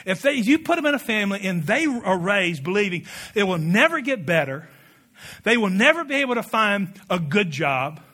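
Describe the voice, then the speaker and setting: A man preaching a sermon with passion, building to loud peaks and dropping to quiet asides, leading the congregation in call-and-response. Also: high-pitched. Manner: impassioned, rising to shouted peaks, drops to quiet asides. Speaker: pastor.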